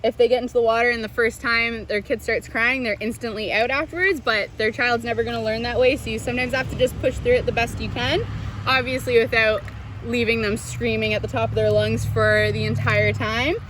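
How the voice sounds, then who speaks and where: A woman's voice: fairly high pitch, fairly even intonation, fairly quick, noisy background. A young woman, a swim instructor, giving tips to parents at a pool, switching into sing-song baby talk. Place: swimming pool.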